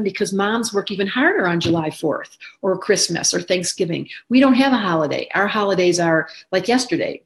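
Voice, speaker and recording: A woman in her sixties, an astrologer and teacher, giving a casual talk to viewers in an expressive, rambling way, acting out the voices she quotes. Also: mid-range voice. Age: 60s.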